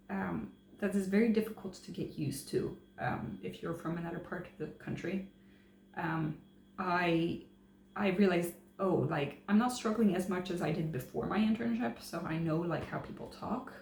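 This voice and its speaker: A woman's voice: on the low side, normal speed, creaky, darkish tone. A woman chatting casually to camera, hesitant, with many fillers and restarts. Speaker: travel vlogger. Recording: roomy echo, faint hum.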